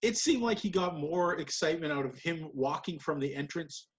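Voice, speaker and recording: A man's voice: on the high side, animated, moderate pace. A man co-hosting a podcast, recapping wrestling matches in casual, rambling chat and laughing often. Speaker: podcast co-host.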